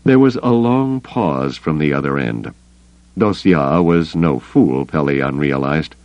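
A man narrating an audiobook in a steady, even storytelling manner. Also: extremely low pitch, slow pace, no room sound, muffled recording. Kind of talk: scripted narration.

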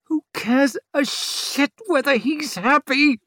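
A male narrator voicing a sharp-tongued young mother in labour, gasping and strained with pain. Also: medium pitch, very animated, very slow, breathy edge, no room sound, studio quality, pitched above the performer's own voice, heavily acted. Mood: hissing.

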